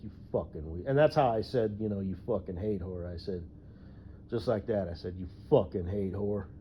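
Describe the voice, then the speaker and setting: A man's voice: mid-range voice, slight background noise. A man who drives trucks, ranting casually about a coworker, profane and rambling, chuckling to himself. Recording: dull lo-fi recording.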